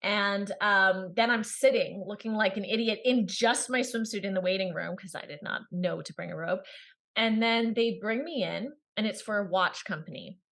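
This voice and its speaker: Woman, interview guest, animated storyteller, casual chat, mid-pitched voice. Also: moderate pace. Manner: animated storyteller, acts out quoted voices with laughter. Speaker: actress guest.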